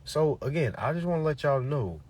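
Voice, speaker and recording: Man, motivational talker, raised pitch, husky edge, swoops a lot, profane and repetitive, keeps checking in with the audience. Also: lively intonation, brisk, darkish tone. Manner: emphatic, repetitive, peppered with "all right?" and profanity. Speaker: motivational speaker. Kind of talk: preachy motivational talk to followers.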